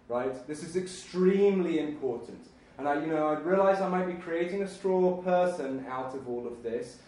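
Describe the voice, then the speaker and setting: A man's voice: a little high, a little mellow. A middle-aged man giving an academic history lecture, emphatic and rambling, with many restarts and asides. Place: university lecture room. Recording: echoey room, mic far off.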